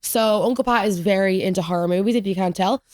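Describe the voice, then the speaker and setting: Fast-talking young woman podcaster. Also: mid-range voice, darkish tone, dry recording, studio quality. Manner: chatty, rambling storytelling with lots of "like". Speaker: podcast host. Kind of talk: solo podcast rant, casual chat.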